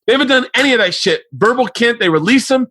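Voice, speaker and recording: Animated, swearing male podcast host. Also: very high voice, quick pace, breathy edge, no echo. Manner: animated storyteller, swears a lot, acts out quotes. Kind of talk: casual chat. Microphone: remote podcast mic.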